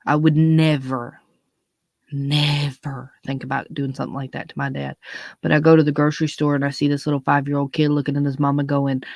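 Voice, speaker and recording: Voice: medium pitch, a little mellow, dry recording. Blunt, profane young adult ranting. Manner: blunt, profane, emphatic, repeats words when stressing a point. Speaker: monologue speaker. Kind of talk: unscripted ranting monologue.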